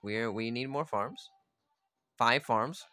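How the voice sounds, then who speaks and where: A man with a mid-range voice plays a strategy game, talking slowly in a bright, forceful tone while faint music plays behind him. His commentary is casual, chatty and full of swearing, and he barks orders at his units as he goes.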